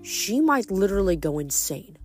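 A woman reading a novel aloud as a hobby reader, with expressive, dramatic narration. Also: medium pitch, normal speed, soft background music. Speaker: audiobook reader.

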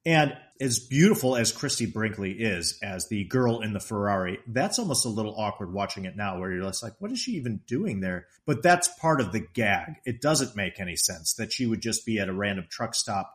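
A man's voice: on the low side, fairly quick, hardly any pauses. Chatty man retelling movie scenes. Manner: animated retelling, quotes the characters in a raised voice; laughs often while talking. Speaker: podcast co-host discussing a movie. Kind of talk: casual movie chat.

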